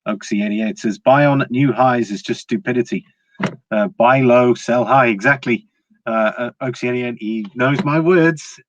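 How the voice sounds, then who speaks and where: A man's voice: medium pitch, moderate pace, dry recording. Chatty male livestream host, dry dull sound. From Britain. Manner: chatty, laughs often, restarts words. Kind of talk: casual livestream chat.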